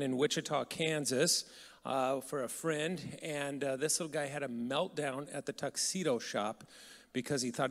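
Man, guest speaker, conversational, fairly high voice, long hall echo. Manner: conversational, asks the audience questions. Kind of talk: storytelling talk to an audience. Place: large hall. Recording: hall reverb.

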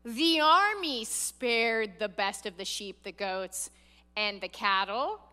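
Bright-voiced woman preaching in a hall. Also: fairly high pitch, slow, smooth. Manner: earnest, animated preaching with quoted voices. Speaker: pastor. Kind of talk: sermon.

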